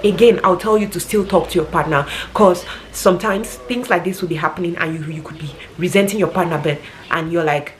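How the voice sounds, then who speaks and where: A woman's voice: on the low side, brisk, a little hiss or hum. A woman talking casually and earnestly, giving rambling advice like a vlogger.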